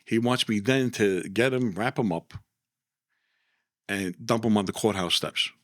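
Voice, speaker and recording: A man tells a story in casual chat. He is animated and keeps circling back with "right?" and repeated phrases. His voice is recorded close and dry, with no room sound. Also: on the low side, a little slow, no echo. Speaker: former mobster guest.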